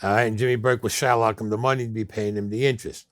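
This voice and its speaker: A man's voice: fairly low pitch, fairly even intonation, racing, a bit bright, no echo, studio quality. An older man with a New York accent telling blunt, streetwise stories as an interview guest, often acting out the people in them. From Brooklyn, New York. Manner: blunt, streetwise storyteller who acts out quoted people. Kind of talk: storytelling interview.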